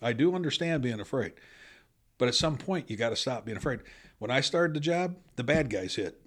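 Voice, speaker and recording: A man's voice: medium pitch, animated, a little fast, fairly bright tone. A man who was a police officer, a guest on a podcast, telling blunt, earnest stories in casual talk.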